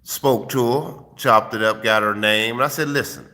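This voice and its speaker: A man's voice: mid-range voice, normal speed, sharp tone, in a large hall. A man, host of his own channel, giving streetwise dating advice in a casual, profane vlog monologue into a phone. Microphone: phone held while filming.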